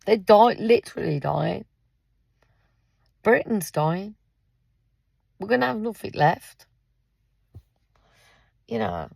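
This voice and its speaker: Sitting in her car in a car park, a gravelly, husky Englishwoman in her fifties delivers an angry vlog rant as a parent and carer. Her mid-range voice is animated and a little mellow, slow-paced and often pausing, and the recording is dry. She talks bluntly, swears freely and addresses viewers head-on.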